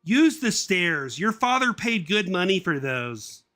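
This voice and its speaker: A man voicing a fussy middle-aged mother bee in a high falsetto, nagging, reading a script aloud on a livestream. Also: sing-song, measured pace, sharp tone, heavily acted.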